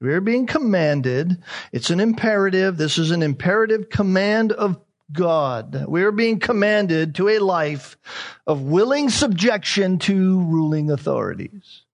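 A man's voice: high voice, sing-song, measured pace. A man preaching a sermon as a pastor, emphatic, repeating key phrases and asking rhetorical questions.

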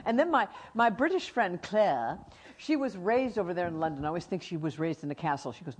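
A woman's voice: fairly low pitch, expressive, fairly quick, husky. A middle-aged woman teaching from the Bible, telling stories with energy and acting out animals and friends.

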